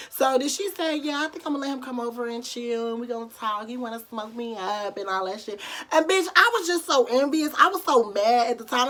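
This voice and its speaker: A young woman vlogger telling a casual, profane storytime with animated, dramatic voice swings. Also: medium pitch.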